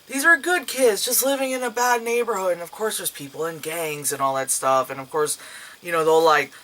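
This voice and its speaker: A young man with a bright, edgy voice talks through a movie review in a loose, rambling way. He swears freely and keeps jumping into raised voices to mimic the characters. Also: high-pitched, a little fast, a little hiss or hum, low-quality recording. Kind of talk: casual spoken movie review.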